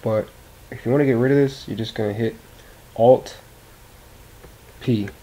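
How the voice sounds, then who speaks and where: A man hosting a casual software tutorial in a loose, rambling way, often correcting himself, recorded at a desktop computer mic. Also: medium pitch, fairly even intonation, moderate pace, rough recording. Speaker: tutorial host.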